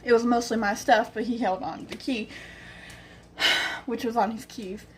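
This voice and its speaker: On her vlog, a young woman rambles through a personal story, acting out what other people said. Her voice sits on the high side with fairly even intonation at a normal speed, and there's slight background noise.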